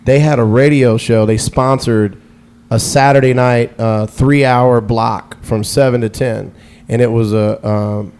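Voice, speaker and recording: A man in his middle range of pitch, talking as a guest DJ on a podcast. He rambles through his stories, restarting sentences and piling on fillers. He grows more lively as the anecdotes unfold. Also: measured pace, slight background noise. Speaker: radio DJ guest. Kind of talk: casual podcast storytelling.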